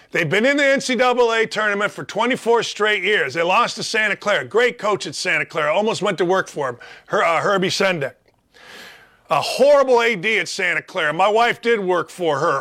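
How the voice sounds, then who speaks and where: A man hosting a sports talk show, ranting sarcastically with mocking asides and loud, heated outbursts. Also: high-pitched. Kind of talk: opinionated sports rant.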